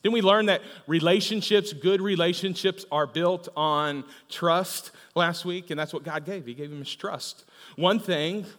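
The pastor here has a high voice with a fairly bright tone and speaks a little slowly. Preaching in a church auditorium marked by the long reverb of a large hall, he tells humorous stories in a conversational manner, frequently asking "right?"

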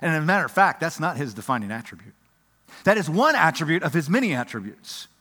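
Man preaching, animated and emphatic, loud then hushed, bright ringing tone, long hall reverb. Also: a little high, fast, husky. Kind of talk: sermon.

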